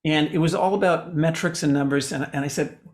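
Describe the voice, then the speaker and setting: Guy coaching on a video call, kinda higher voice, super animated, pitch all over the place. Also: brisk. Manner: animated, swings pitch widely for emphasis. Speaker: communication coach presenting to a meetup. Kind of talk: online presentation talk.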